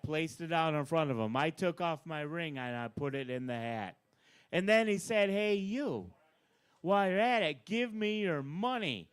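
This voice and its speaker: A man doing live stand-up at an open mic, bossing an audience volunteer around with playful, deadpan asides. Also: on the high side, clear, resonant tone. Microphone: handheld stage mic.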